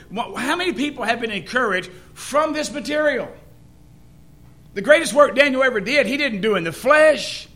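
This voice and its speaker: A man's voice: sits high, sharp tone. A man preaching a sermon in a folksy way, asking the congregation questions.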